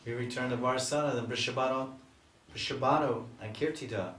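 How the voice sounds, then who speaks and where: A man voicing a group of flustered young cowherd girls, questioning quickly and fretfully. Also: mid-range voice, a bit bright, pitched above the performer's own voice, natural voice. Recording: echoey room, mic far off.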